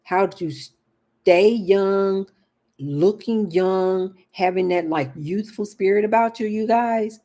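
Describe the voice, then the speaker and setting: A woman's voice: mid-range voice, fairly even intonation, slow, dark tone. A woman talking casually to camera in a vlog, chatty and emphatic, often turning to address her viewers directly. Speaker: lifestyle vlogger.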